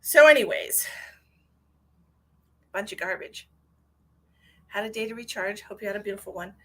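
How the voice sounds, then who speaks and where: A woman runs a live stream as a psychic medium, chatting casually and greeting viewers by name with terms of endearment. Her delivery is animated at a moderate pace, moving between bright exclamations and low asides.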